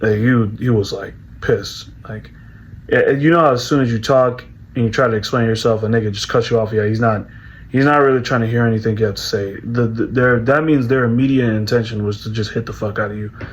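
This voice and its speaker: A man's voice: medium pitch, fairly even intonation, fairly quick, slightly rough, low-quality recording. A young man casually recounting a personal experience, rambling, restarting and filling with "bro" and "like". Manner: rambling, repeats words, heavy fillers like "bro" and "like". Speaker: vlogger.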